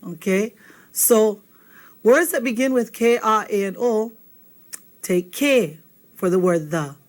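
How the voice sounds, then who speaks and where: A woman's voice: mid-range voice, slow pace. Patient woman teaching a language. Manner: patient, checks in with frequent "okay?". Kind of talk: video language lesson.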